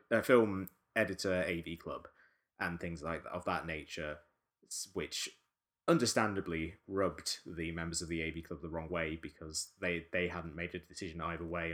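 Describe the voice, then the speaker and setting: Low-voiced man hosting a podcast. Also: a bit bright. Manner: rambling, restarts often, wry. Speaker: podcast host. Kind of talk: casual discussion.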